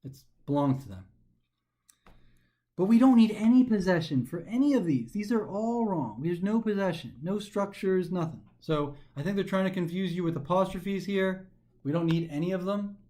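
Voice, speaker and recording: A man teaching a recorded grammar lesson for a test, talking animatedly and slowing down to stress the pauses as he reads sentences aloud, sometimes tripping over his words. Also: sits high. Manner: animated, emphatic, slows down to stress pauses when reading aloud. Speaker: test prep instructor.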